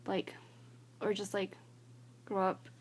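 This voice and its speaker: Slow, husky, and monotone in a mid-range voice, a young woman in college vents to her phone camera in a casual vlog. Annoyed and exasperated, she rambles on, using "like" constantly as filler.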